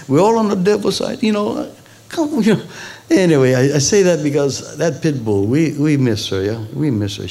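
A male pastor delivering a sermon, his slightly high voice leaping up on emphatic words. He mixes preaching with chatty asides to his congregation. The melody swings widely and lively throughout. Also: vocal fry. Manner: animated preaching with sudden high emphatic peaks.

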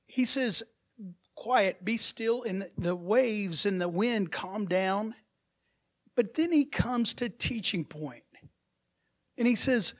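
A man preaching a sermon as pastor, asking his congregation rhetorical questions and swinging from soft asides to loud, emphatic bursts. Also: sits high.

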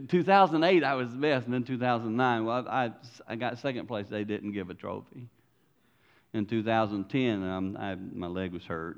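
A man preaching a sermon as pastor, animated and acting out voices. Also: mid-range voice, dull audio.

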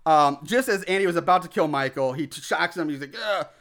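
An excitable man talks through a film's plot in loose podcast chat, swearing freely and now and then acting out a line. His voice sits high for a man and rings bright and forceful. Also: a little fast. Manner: excitable, profane, acts out lines with shouts. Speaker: podcast co-host recapping a movie. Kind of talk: casual chat.

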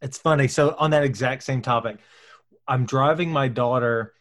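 A man in his thirties telling a story in relaxed conversation. He is animated and chatty and drops in fillers as he talks. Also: mid-range voice, moderate pace. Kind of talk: casual storytelling.

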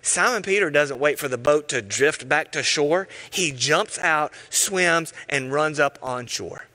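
A man preaching a sermon, telling stories with animated voices and sometimes dropping to a hush. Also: on the high side, measured pace. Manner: animated storytelling, acting out voices, dropping to hushed tones. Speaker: pastor.

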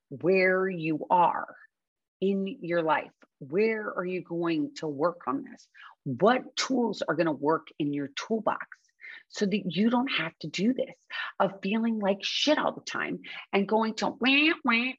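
A woman's voice: on the low side, gravelly, slightly rough, no room sound. A woman giving casual motivational advice about recovery, earnest and frank, swearing casually and repeating her points for emphasis. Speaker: recovery speaker sharing advice. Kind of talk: casual motivational talk to camera. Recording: dull, dry lo-fi recording.

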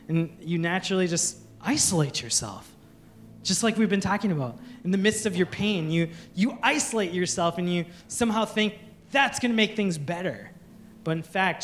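A man's voice: on the high side, a little hiss or hum. A man who is a pastor, preaching a candid, conversational sermon with frequent restarts in a church.

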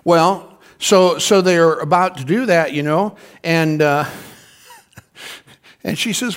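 High-voiced preacher telling a story. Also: male voice, slow pace, long pauses. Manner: conversational storytelling, calls on the congregation to respond. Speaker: pastor. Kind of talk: sermon.

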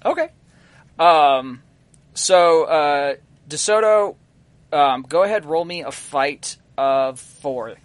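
A man running a tabletop role-playing game as game master, narrating the scene haltingly with frequent ums and uhs. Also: a little high, dry recording.

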